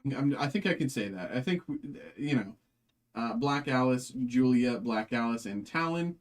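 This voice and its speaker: A man's voice: mid-range voice, animated, normal speed. A man hosting a live card-opening stream, chatting in a rambling, casual way with lots of fillers. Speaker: card break host.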